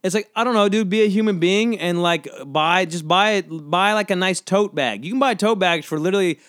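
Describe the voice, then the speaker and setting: A man's voice: high-pitched, a little fast, fairly bright tone, no echo, clean studio sound. A man from the American South hosting a casual solo podcast, rambling and questioning himself with lots of fillers. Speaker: podcast host.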